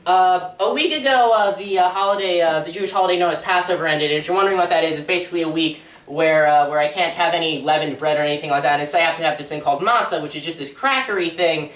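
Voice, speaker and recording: A woman's voice: sits low, quick pace, hardly any pauses. A teenage girl doing a stand-up comedy routine on a local theatre stage, rambling and self-deprecating, laughing at her own jokes. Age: teens. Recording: echoey room from far off.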